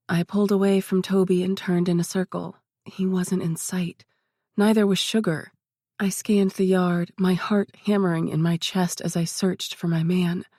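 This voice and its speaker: A woman with a lowish voice reads a first-person audiobook at a steady, even pace. The recording is close and dry, with no room sound. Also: no echo. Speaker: audiobook narrator.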